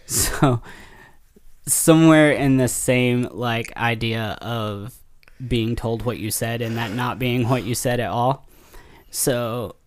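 A man with a mid-range voice talks on a relaxed podcast. He recounts events plainly and conversationally, and his speech sounds unscripted. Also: mid-range voice, slow. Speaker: podcast co-host. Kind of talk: casual chat.

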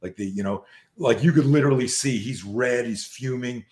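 A man in his sixties, a podcast guest, telling a story in an animated, profane way with many restarts. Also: medium pitch, normal speed. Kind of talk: storytelling in a conversation. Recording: roomy echo.

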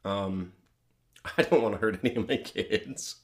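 In a fairly low, unhurried voice, the middle-aged man chats casually while co-hosting a podcast. He's relaxed and laughs his way through the stories he tells.

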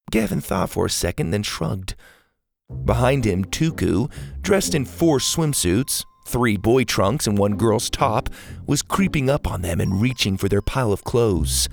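A man narrating a kids' adventure story in an expressive, animated storytelling manner. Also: lowish voice, unhurried, gravelly, no echo, clean studio sound.

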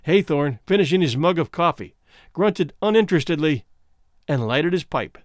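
A man narrating a classic short story aloud in an expressive, measured way. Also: a little high, no echo, clean studio sound. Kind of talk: audiobook reading of a classic story.

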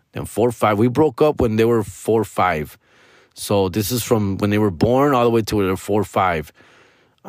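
A man's voice: lowish voice, dry recording, studio quality. A man in his forties telling a casual story, full of slang and tossing in Spanish now and then. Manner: slangy, peppers talk with "dog" and "bro"; switches into Spanish mid-story.

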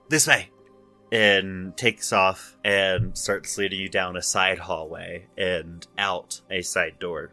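A man's voice: deep voice, pushed and bright. A man narrating as game master of a tabletop game, loose and full of filler words.

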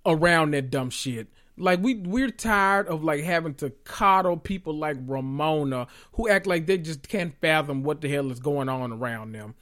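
A man hosting a podcast, recapping reality TV in a loud, profane, animated way with sudden high squeals. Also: normal speed, hardly any pauses. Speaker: podcast host.

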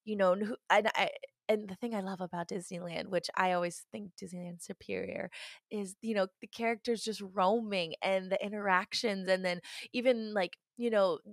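A woman's voice: mid-range voice, steady tone, normal speed, no room sound, studio quality. A woman hosting a podcast in casual chat, gushing and chatty with plenty of fillers. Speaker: podcast host.

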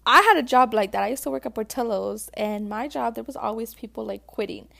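A woman speaking in a somewhat high voice, talking straight to her viewers in a casual, heartfelt way. She is chatty and emotional, with plenty of fillers and friendly pet names. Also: a little fast, creaky, sharp tone. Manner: chatty, emotional, calls viewers sis and babe, many likes. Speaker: vlogger giving relationship advice.

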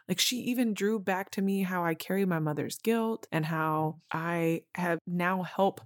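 A woman's voice: fairly low pitch, fairly even intonation, moderate pace, hardly any pauses, no echo, studio quality. A woman in her thirties hosting a podcast, telling a personal story in an earnest, emotional way and talking straight to her listeners. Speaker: podcast host.

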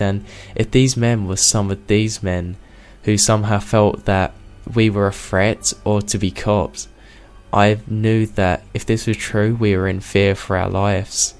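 A man narrating a submitted true scary encounter in a steady, measured storytelling manner. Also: lowish voice, clear, resonant tone. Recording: faint music bed.

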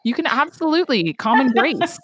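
A woman's voice: high-pitched, animated, fairly quick, husky. A young adult woman hosting a podcast interview, upbeat and affirming as she chats with her guest. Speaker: podcast host.

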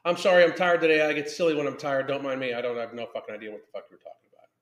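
A man's voice: medium pitch, fairly even intonation, rapid-fire, reverberant. A man in his thirties hosting a live podcast, swearing constantly in an angry, emphatic rant and reading chat comments aloud. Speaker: podcast host reacting to a video and live chat. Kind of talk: profane live-stream rant.

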